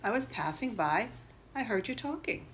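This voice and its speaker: An older woman voicing a chummy, pun-making meatball friend in a children's storybook, in a high, bouncy voice. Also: lively intonation, moderate pace, fairly bright tone, a little hiss or hum. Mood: cheerful.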